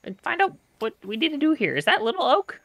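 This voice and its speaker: A man doing a high boyish squirrel-god. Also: fast, no echo, exaggerated voice. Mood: urgent. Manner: high, bright, excited chatter. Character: small boyish male squirrel-turned-god, eager.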